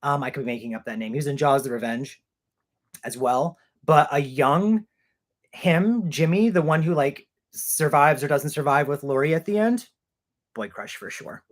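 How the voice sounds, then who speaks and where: A man's voice: on the high side, moderate pace. Chatty man hosting a live Q&A. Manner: chatty, rambling, self-deprecating. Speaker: channel host. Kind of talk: live stream Q&A chat.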